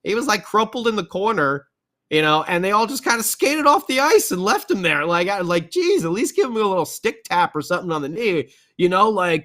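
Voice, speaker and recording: Excitable man rambling through a hockey recap. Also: high-pitched, fairly quick. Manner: excitable, rambling, animated storytelling. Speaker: podcast co-host. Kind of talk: casual hockey recap chat.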